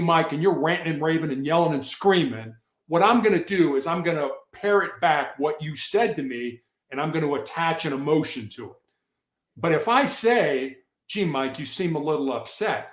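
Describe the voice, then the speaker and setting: A man guesting on a podcast, earnestly explaining his past work as a negotiator in a casual, storytelling way with frequent restarts. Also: a little high. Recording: echoey room.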